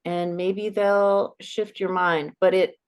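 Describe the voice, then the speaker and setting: A woman coach talking as a guest in a casual podcast conversation, animated and quick to act out what people say. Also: on the low side, smooth. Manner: animated, acts out quoted voices.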